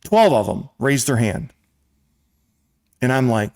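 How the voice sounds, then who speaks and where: An American man hosting a casual sports talk show, telling a long story with lively quoted voices. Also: mid-range voice, slow, creaky, no echo, studio quality. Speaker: show host and club president. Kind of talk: storytelling in casual podcast chat.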